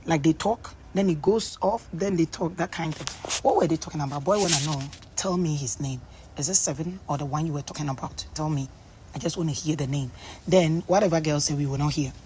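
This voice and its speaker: A woman's voice: sits low, a little fast, a little mellow, a little hiss or hum, rough recording. A woman casually recapping a reality show, chatty and full of ums and pidgin asides.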